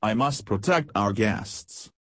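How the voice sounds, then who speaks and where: A man's voice: on the low side, lively intonation, takes it slowly, no echo. Scheming aristocratic lady, light and insinuating, voiced by a man, dry close sound. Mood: silky. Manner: light, falsely sweet and insinuating.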